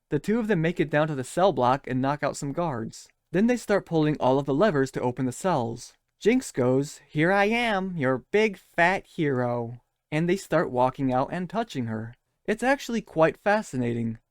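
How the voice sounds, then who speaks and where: A man's voice: fairly high pitch, a little mellow, dry recording, studio quality. A man giving scripted, sarcastic commentary as a show critic, scathing, mocking and profane.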